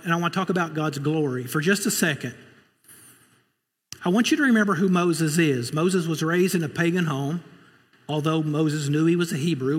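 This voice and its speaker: A man preaches a conversational sermon, slipping in joking asides and plenty of fillers. His voice sits a little high and sounds husky. The church around him carries a long, lingering reverb. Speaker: pastor. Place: church sanctuary. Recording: long reverb of a large room.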